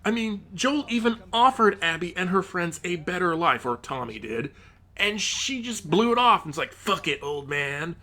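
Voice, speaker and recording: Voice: mid-range voice, expressive, moderate pace, bright, forceful tone. A gaming commentator in a profane, exasperated rant about a game, with frequent outbursts of rising disbelief.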